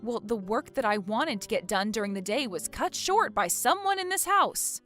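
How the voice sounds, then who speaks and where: A woman's voice: fairly high pitch, expressive, moderate pace, fairly bright tone, faint music behind. A woman playing a fed-up, exasperated wife in a dramatized story, talking indignantly. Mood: frustrated.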